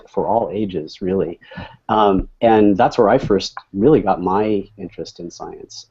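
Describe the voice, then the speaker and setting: A man on a panel, talking casually and relaxed with many fillers. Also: low-pitched, breathy edge. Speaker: panel guest. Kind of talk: casual conversation. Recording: dull online video call audio.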